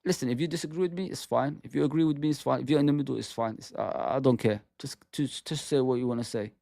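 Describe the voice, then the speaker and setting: A man's voice: medium pitch, fast talker, creaky, dark tone, dry recording, clean studio sound. A man hosting a football fan channel, ranting with heated, exasperated commentary and some swearing.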